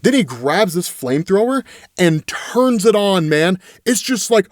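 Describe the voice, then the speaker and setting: A man giving a casual, animated comic book recap as a regular host, full of loose fillers. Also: high-pitched, a little slow, dry recording, clean studio sound.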